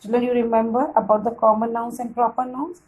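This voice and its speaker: A woman's voice: on the high side, level tone, fairly quick, lo-fi sound. A woman teacher explaining grammar to children in a patient classroom lesson, often checking in with "right?".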